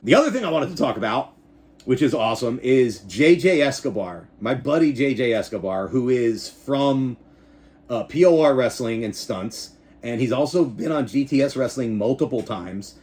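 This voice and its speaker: Man, 40s, vlog host; rambling, profane, very animated delivery with a wide pitch swing. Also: moderate pace. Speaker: YouTuber and backyard wrestling show host. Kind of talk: casual reaction vlog.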